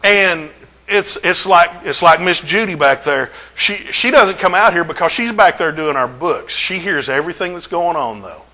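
Bright, high-voiced preacher. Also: male voice, expressive, low-quality recording. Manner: folksy, humorous preaching with drawn-out emphasis. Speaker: pastor. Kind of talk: sermon. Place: church.

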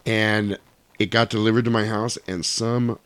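A man's voice: fairly low pitch, unhurried, clean tone, dry recording. A man co-hosting a casual podcast, telling stories with lots of swearing and acting out other people's lines. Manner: animated storyteller, swears a lot, acts out lines. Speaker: podcast co-host. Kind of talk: casual chat.

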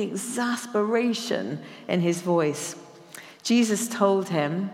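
Lower-voiced woman preaching in reverberant church. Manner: conversational, reads scripture slowly and emphatically. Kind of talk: sermon.

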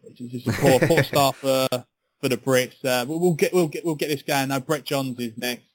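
A man's voice: mid-range voice, brisk, rough recording. A man co-hosting a sports podcast in casual, chatty talk, often repeating his words. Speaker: podcast co-host.

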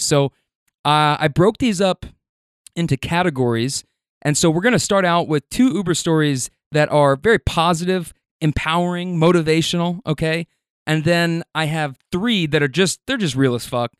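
A man with a slightly high, smooth and resonant voice spins a casual anecdote, rambling through restarts and quick chuckles. The sound is dry and close, with no room around it. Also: no room sound.

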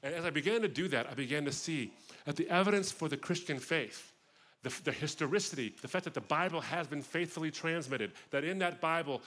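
A man giving a personal testimony talk at a festival, telling his story with expressive, vivid asides. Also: a little high. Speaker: guest speaker.

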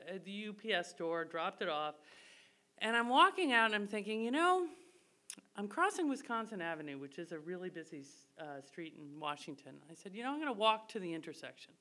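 A woman's voice: fairly low pitch, sharp tone. A woman telling a funny personal story live on stage, chatty and self-mocking, laughing as she goes. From Irish family. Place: live stage show before an audience.

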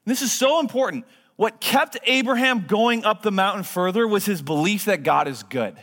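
A man in his thirties preaching a sermon in a church, earnest, moving between hushed and emphatic delivery. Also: high voice, normal speed. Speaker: pastor. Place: church sanctuary. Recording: long hall reverb.

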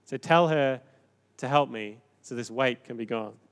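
A man's voice: medium pitch, a little slow, close to an everyday voice. A man preacher voicing a frazzled, exasperated woman who complains that her sister leaves her all the work. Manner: pleading, indignant, raised voice.

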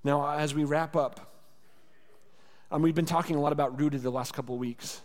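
Speaking at normal speed with a steady tone on the high side, this man preaches as a pastor, conversational and earnest, repeating phrases for rhetorical effect. The long reverb of the church sanctuary fills the recording.

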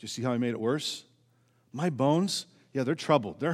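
A male pastor preaching a sermon in earnest, asking the congregation rhetorical questions and swinging between raised emphasis and hushed, low passages. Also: expressive, moderate pace. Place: church sanctuary. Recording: church sermon with long hall reverb.

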